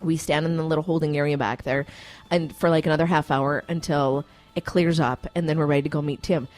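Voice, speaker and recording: A woman co-hosting a radio show, telling a lively story in casual chat and acting out the quotes. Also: low voice, a little fast. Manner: animated storyteller, acts out quotes.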